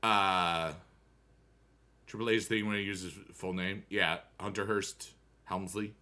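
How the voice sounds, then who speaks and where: A man's voice: sits low, steady tone, slow, pushed and bright. A man casually chatting with his viewers during a livestream, rambling from topic to topic and humming tunes now and then. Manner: rambling and talkative, chats to viewers while gaming; musical asides, hums tunes. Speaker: livestreamer answering chat.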